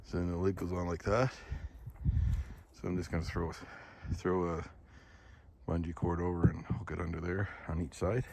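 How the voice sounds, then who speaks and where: Male rancher, very low voice, casual vlog patter, outdoor noise and livestock behind. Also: level tone, normal speed, creaky, long pauses. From Alberta, Canada. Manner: chatty, talks fondly to his cows. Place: outdoors in a snowy calving yard.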